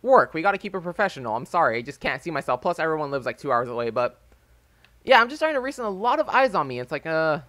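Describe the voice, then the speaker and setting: A young man in his early twenties tells a meandering story while he plays, leaning on fillers as he goes. His voice sits a little high and sounds bright and forward. It is recorded close and dry on a desk microphone. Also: big pitch swings, fast, no echo. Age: early 20s. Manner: rambling, loose and chatty, full of "like" and "um". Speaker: gaming YouTuber. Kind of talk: casual storytelling over gameplay. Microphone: desk microphone with a phone as backup.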